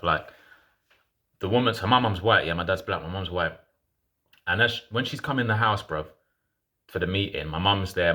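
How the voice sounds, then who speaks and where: A man's voice: deep voice, sharp tone. A man in his thirties casually telling a personal story in frank, slangy talk full of restarts.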